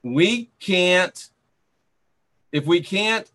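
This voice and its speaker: A man's voice: sits high, very slow, a bit bright. A man hosting a live stream, reading viewer comments aloud and sarcastically scolding and banning rude commenters. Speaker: channel host.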